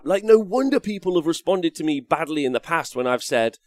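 A man's voice: a little high, animated, fairly quick, hardly any pauses, no echo. An English man hosting a wargaming show, chatting casually and rambling, cracking jokes, swearing now and then, and reading viewer comments aloud. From England. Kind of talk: casual live-stream chat.

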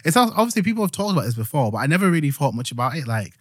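A man's voice: fairly high pitch, big pitch swings, racing, husky, no echo, clean studio sound. A young man with a Yorkshire accent, co-hosting a podcast in casual chat, rambling with many fillers and restarts as he retells stories. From Yorkshire, England. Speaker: podcast co-host.

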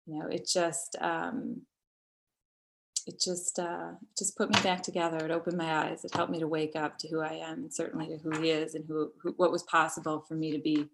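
A middle-aged woman recounting a personal story as an interview guest, halting and tender with many pauses and restarts. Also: low voice, flat delivery, gravelly, a little hiss or hum.

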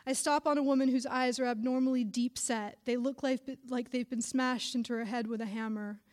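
A woman's voice: fairly high pitch, fairly even intonation, fairly quick, darkish tone. A young adult woman, a writer, reading her own literary story aloud with dry, wry narration.

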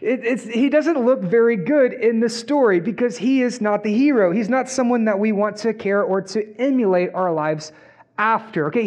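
Speaking at a normal speed, this high-voiced pastor sounds a little mellow as he delivers a conversational sermon and keeps checking in with listeners. His recording comes across muffled and dull.

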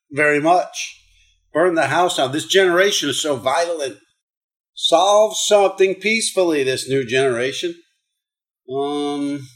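A sarcastic man hosting a comedy countdown, his voice sitting a little higher than most men's. He reads odd news stories aloud, then breaks off to mock them with crude, profane asides. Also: fairly bright tone. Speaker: host of a comedy countdown show.

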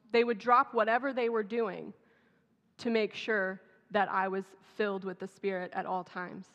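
A woman's voice: mid-range voice, a bit bright. A woman pastor from Texas, giving a conversational, humorous sermon in a church. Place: church sanctuary. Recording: dull sound, long hall reverb.

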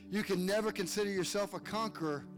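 A man's voice: high voice, quick pace, soft background music. A male pastor preaching a fired-up sermon, calling on listeners by name.

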